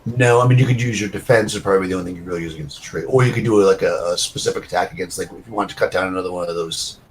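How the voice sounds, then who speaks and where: A man's voice: sits low, very fast, slight background noise, low-quality recording. A man running a tabletop game as game master, giving loose, chatty rulings with many fillers.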